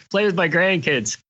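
A man's voice: high voice, bright, forceful tone, slightly rough, muffled recording. An older man, a guest investor on a podcast, answering questions in an easygoing, plain-spoken way. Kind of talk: casual interview chat.

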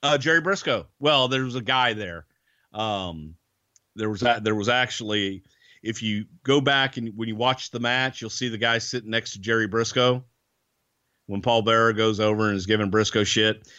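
A man's voice: lowish voice, moderate pace, bright, forceful tone, no room sound, highs cut off. A man telling a backstage story in a casual interview, rambling with restarts and casual swearing. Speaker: guest, former wrestling TV producer.

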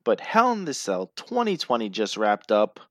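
A man's voice: on the low side, huge pitch swings, normal speed, no room sound, studio quality. A man co-hosting a casual wrestling recap podcast, playful and rambling, sounding tired and yawning. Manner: playful, jokey, rambling with fillers. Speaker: podcast co-host.

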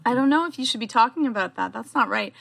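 A woman's voice: a little high, animated, fast talker, gravelly, fairly bright tone, slight background noise. A woman from Canada co-hosting a podcast, playful and teasing in casual chat. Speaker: podcast co-host.

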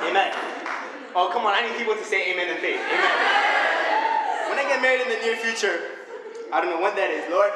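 A young man preaching a sermon full of personal stories, energetic and animated, laughing often. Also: sits high, noisy background. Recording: echoey hall with faint ambience.

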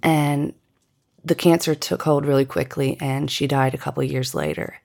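A middle-aged woman narrating a personal story in a measured, deliberate way. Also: deep voice, steady tone, vocal fry, darkish tone. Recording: guitar music underneath.

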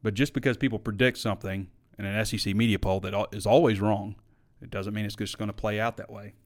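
A man's voice: on the low side, fairly even intonation, fast talker. Opinionated male sports talk host. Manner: opinionated, conversational, frequent fillers. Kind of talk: live sports talk reading viewer comments.

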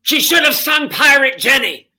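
A man's voice: extremely high pitch, lively intonation, moderate pace, pushed and bright, voice pushed up, full character voice. A man imitating an older woman stage star with a smoky voice, indignant and fussing.

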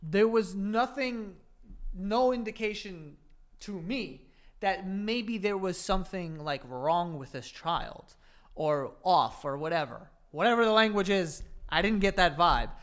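A man, co-hosting a casual podcast and telling a story in an animated, swear-heavy way. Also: high-pitched, unhurried. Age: 30s. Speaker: podcast co-host. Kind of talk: casual chat.

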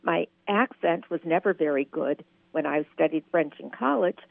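A woman's voice: low voice, lively intonation, moderate pace, gravelly, no echo. A woman calling in to a radio show, chatting and telling a travel story. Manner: chatty, tells anecdotes with quoted voices. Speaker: caller. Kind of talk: phone-in storytelling. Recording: tinny phone line.

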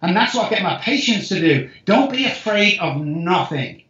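Emphatic man in an echoey room. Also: moderate pace. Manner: emphatic and excitable, with jumps in pitch and loudness. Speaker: guest, addiction specialist. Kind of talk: animated storytelling in conversation. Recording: echoey room, dull lo-fi sound.

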